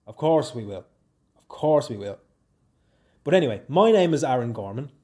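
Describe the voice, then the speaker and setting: A young man with a Dublin Irish accent hosting a casual solo podcast, rambling and joking, his pitch and loudness swinging up and down. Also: very animated, moderate pace. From Ireland. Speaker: podcast host.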